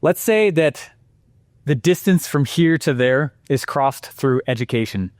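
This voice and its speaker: A man presenting a marketing lesson with energetic, animated storytelling and exclamations. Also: mid-range voice, unhurried, dry recording.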